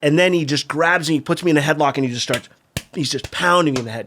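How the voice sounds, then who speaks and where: A man's voice: fairly high pitch, fast, fairly bright tone, a little hiss or hum. A middle-aged man from California, a skate video filmer, telling a story casually in a podcast interview, profane and acting out the voices of the people he quotes.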